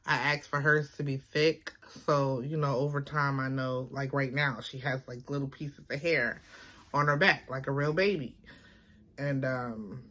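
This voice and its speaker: Talking slowly and a bit forcefully in a very deep, bright voice with fairly even intonation, this vlogger from Baltimore, Maryland chats to her phone at home. Her Baltimore accent comes through as she rambles, full of fillers.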